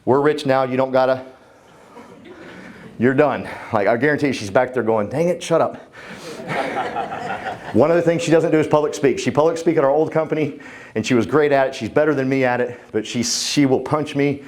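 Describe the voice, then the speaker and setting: A man's voice: mid-range voice, normal speed, long pauses, darkish tone. A man, giving a fervent, joking motivational talk on a conference stage. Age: 50s. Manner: fervent and humorous, talks to the crowd. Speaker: keynote speaker.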